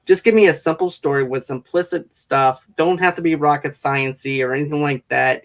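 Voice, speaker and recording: A man hosting a casual interview, his voice sitting a little high for a man. He talks in eager, rambling runs and sometimes speeds up as ideas pile up. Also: steady tone. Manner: eager, rambling, quick bursts. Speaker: show host.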